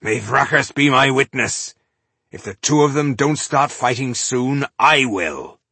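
A man voicing a restless, gruff male dwarf warrior waiting for a fight. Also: mid-range voice, animated, a little slow, pushed and bright, no room sound, pitched above the performer's own voice, full character voice. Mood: impatient.

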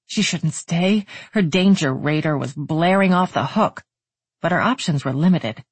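Husky, breathy audiobook narrator. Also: medium pitch, expressive, a little slow, no echo.

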